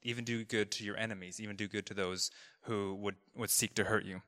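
A man's voice: lowish voice, steady tone, brisk, sharp tone. A man preaching a casual storytelling sermon, chatty and loose, with lots of fillers and restarts. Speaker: pastor. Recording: long reverb of a large hall.

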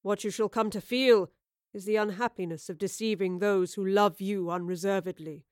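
A man's voice: sits high, steady tone, moderate pace, smooth, no room sound, clean studio sound, natural voice. A woman reading a storybook voices a portly, melancholy man in his forties with formal, old-fashioned phrasing. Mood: impassioned. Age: 40s. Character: older man, portly, wounded, dignified, melancholy.

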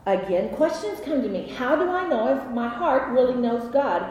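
Woman Bible study teacher, fairly high voice, animated and chatty storyteller, echoey hall with long reverb and faint noise. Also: normal speed.

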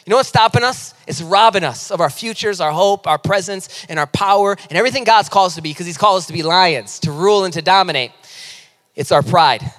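A high-voiced man in his thirties delivers an impassioned sermon. He swings from loud, urgent pleading down to quiet, intimate asides, and his voice rings with a long reverb from a large church hall. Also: quick pace. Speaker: pastor.

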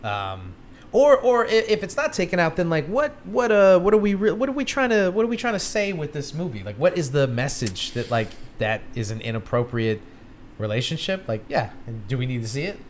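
Animated male podcast co-host. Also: fairly quick, a little hiss or hum. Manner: animated, swearing, pitch jumps when excited. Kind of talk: casual chat.

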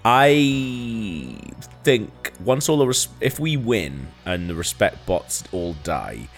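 A man's voice: on the low side, sing-song, takes it slowly, over music. A man in casual, laughing banter as a player in a tabletop podcast game, swearing loosely.

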